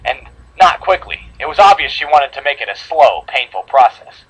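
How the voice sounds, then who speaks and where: A man's voice: medium pitch, very animated, moderate pace, a bit bright, slightly rough, low-quality recording. A man reading a horror fan story aloud to friends, dramatic, with slips and re-reads. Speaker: story reader.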